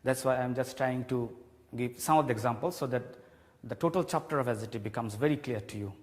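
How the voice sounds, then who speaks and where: A man teaching a televised grammar class, explaining slowly and repeating key points. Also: mid-range voice, darkish tone. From Bangladesh. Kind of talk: televised classroom English lesson. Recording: long hall reverb.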